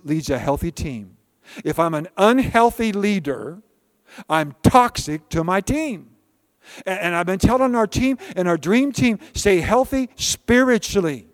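A man preaching a sermon with a fairly high voice. He hammers repeated refrains and calls on listeners to answer back, then falls to near-whispers. The sound is close and dry, with no room echo. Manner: emphatic preaching with repeated refrains and call-and-response; swings between loud declarations and soft hushed lines. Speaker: pastor.

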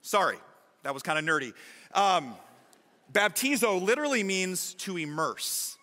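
A man delivers an emphatic, energetic sermon to his congregation. His voice sits high and sounds bright and forceful. The large church hall adds a long reverb tail. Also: normal speed. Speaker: pastor.

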